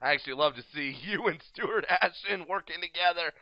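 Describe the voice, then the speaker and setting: In a dry, dull lo-fi recording with no echo, an American man from the United States speaks at a fairly high pitch and a fairly quick pace. He's interviewing a guest in a casual, joking chat, laughing often as he riffs on bits.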